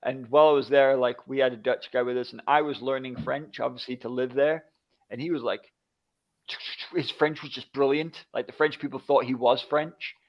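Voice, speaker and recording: A man's voice: medium pitch, normal speed. A man in his forties chatting casually as a podcast co-host, telling stories and acting out what others said. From United Kingdom. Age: 40s. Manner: animated storyteller, acts out quoted voices. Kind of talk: casual chat. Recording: dull lo-fi audio.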